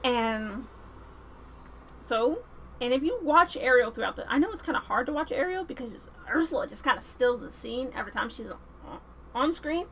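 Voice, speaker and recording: A woman vlogger giving casual, animated, slangy film commentary. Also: sits high, normal speed, slight background noise, rough recording.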